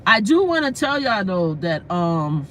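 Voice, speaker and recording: A woman's voice: medium pitch, very animated, unhurried, slight background noise. A woman live-streaming from inside her car, delivering a heated rant in a blunt, emphatic way and hammering her points with repetition.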